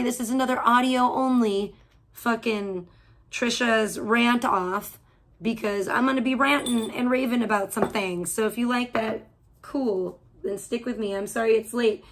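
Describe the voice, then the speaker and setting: Profane, fiery woman streamer, higher voice. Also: normal speed, fairly bright tone. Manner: profane, heated and rambling with frequent restarts. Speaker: livestream host. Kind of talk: audio-only livestream rant. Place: at home.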